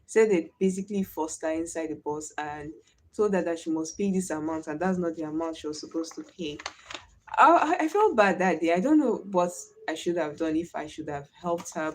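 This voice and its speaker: A woman's voice: low-pitched, a little hiss or hum. Nigerian woman with a Warri Pidgin accent. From Delta State, Nigeria. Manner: animated storytelling, switches into Pidgin. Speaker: livestream host. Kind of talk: casual livestream chat.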